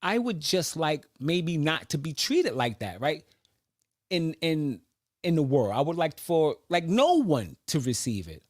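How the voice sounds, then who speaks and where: A man with a slightly raised pitch talks through his thoughts in an unscripted monologue. He pauses, restarts and circles back as he reasons aloud. The sound is dry and close. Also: sing-song, no echo. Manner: reflective, searching, with many restarts. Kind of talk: personal monologue.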